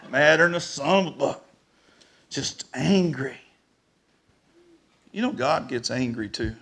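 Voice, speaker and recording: A man preaching a storytelling sermon, animated and rising to shouts at the peaks. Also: mid-range voice, measured pace, creaky, pauses often.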